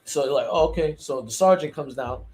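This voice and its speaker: His voice is a little high and a little fast, with a darkish tone. A former corrections officer co-hosting a podcast, he laughs through a funny jail story in casual storytelling chat, mimicking the people in it.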